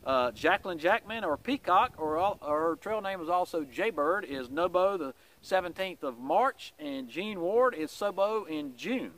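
A man's voice: high voice, lively intonation, normal speed, hardly any pauses, fairly bright tone. A man giving a casual weekly vlog update in a folksy, rambling way, with many "uh" fillers.

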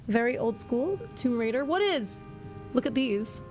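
Playful woman streamer chatting w her viewers, kinda high voice, quiet game music under it. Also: expressive, unhurried. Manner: chatty, reacts to chat, playful.

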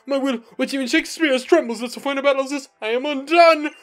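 A gamer doing a swaggering knight of a champion, declaiming in lofty old-fashioned phrases. The voice is pushed up high and loud, full of pomp and ceremony for a video game battle. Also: quick pace, close to an everyday voice. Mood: grandiose. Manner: booming, archaic theatrical speech. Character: grandiose knightly male elite trainer, chivalrous.

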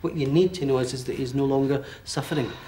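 A man working as a medium, giving a one-to-one reading in halting bursts with frequent checks like "okay?". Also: medium pitch, steady tone, dark tone, slight background noise. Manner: hesitant, relays messages in bursts with many okays.

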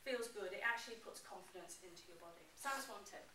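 A woman giving an animated, expressive presentation on public speaking to a class. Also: mid-range voice, fast, recorded from a distance, slight background noise. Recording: roomy echo, mic from afar.

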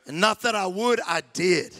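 A man preaching as a guest pastor in a church, repeating his phrases and building to impassioned shouting. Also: high-pitched, normal speed. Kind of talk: sermon. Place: church sanctuary.

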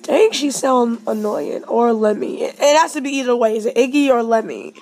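A woman hosting a casual let's-play, excitedly reacting out loud to the game as she plays. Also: on the high side, normal speed. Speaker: gaming channel host.

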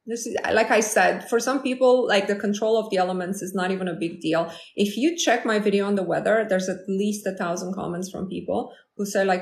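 A woman's voice: medium pitch, fairly even intonation, a little fast, gravelly, hardly any pauses, echoey room. A woman hosting a casual live stream as a manifestation coach, talking confidently and chattily to viewers. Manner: confident, chatty, acts out quoted lines.

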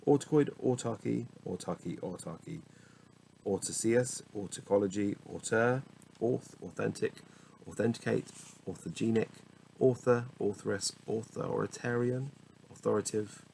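Lowish gravelly guy plowing through dictionary words, mumbles and fixes himself, faint hiss behind. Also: normal speed, a little mellow, poor audio. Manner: muttering, self-correcting, wry asides. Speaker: solo reader of a dictionary. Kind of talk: reading word lists aloud.

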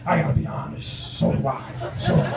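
Man doing a tense gravelly movie star, erupting. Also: fast talker, loud music behind the voice, close to an everyday voice. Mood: weary, doubtful. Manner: mumbling low then bellowing. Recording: echoey club from far off.

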